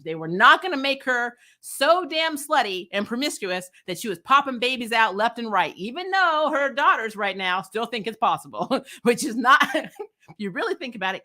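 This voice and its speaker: Bright-voiced woman chatting a TV review. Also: on the high side. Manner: frank and chatty, laughs often, swears casually. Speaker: TV review vlogger. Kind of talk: casual spoiler review chat.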